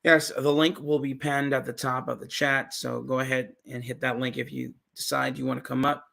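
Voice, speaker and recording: A man's voice: medium pitch, little pitch movement, normal speed, gravelly, pushed and bright. A man hosting a livestream, chatting casually in a laid-back way. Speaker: livestream host.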